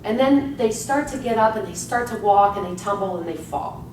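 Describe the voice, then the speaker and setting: A woman's voice: medium pitch, expressive, normal speed, a little mellow. A woman giving a live motivational seminar talk to an audience, speaking emphatically and energetically and often checking in with "right?". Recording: echoey room, distant mic, faint background hum.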